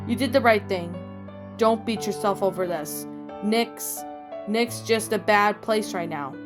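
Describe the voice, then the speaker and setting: A woman's voice: medium pitch, a little slow, music in the background, natural voice. A woman reading the part of a level-headed young man who reasons firmly with his friends, in a fan fiction reading. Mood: calm.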